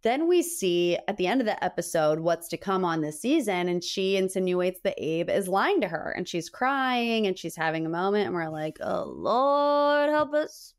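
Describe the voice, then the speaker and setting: A young adult woman hosting a podcast, recapping reality TV in a chatty, animated way full of gossipy asides. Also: on the low side, normal speed, hardly any pauses, smooth. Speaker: podcast host. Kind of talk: casual pop-culture recap.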